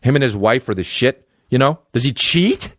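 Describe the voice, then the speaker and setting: Animated man riffing in a dry studio. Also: mid-range voice, normal speed, dry recording. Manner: animated, jumps into exaggerated character voices. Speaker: podcast host. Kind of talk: comedic riffing with impressions.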